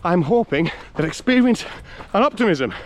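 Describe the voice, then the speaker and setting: Out on a hill and woodland trail, a breathless man with a North East English accent chats cheerily through his running vlog, laughing often and saying hello to fellow runners. He comes from North East England. His high voice has a sing-song lilt at a moderate pace, with slight background noise.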